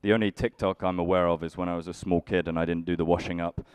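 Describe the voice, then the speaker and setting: A young man working a crowd in a live stand-up set. He sounds grumpy and dry, with a fairly low voice that comes across smooth and clear. The sound is close and dead. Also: level tone, fast talker, a little mellow, no echo. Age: young adult. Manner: dry, grumpy, bantering with the audience. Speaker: stand-up comedian.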